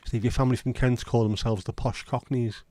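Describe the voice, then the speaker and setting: A man's voice: medium pitch, steady tone, brisk, mellow, dry recording. A man hosting a casual livestream chat, rambling and reading out viewer comments. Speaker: livestream host.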